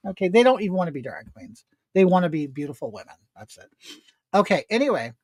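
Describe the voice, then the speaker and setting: A man's voice: high voice, big pitch swings, fast, a little mellow, dry recording. A man, a drag queen host, gossiping sarcastically while doing makeup and reading viewer comments. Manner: reads viewer comments aloud. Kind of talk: casual makeup chat.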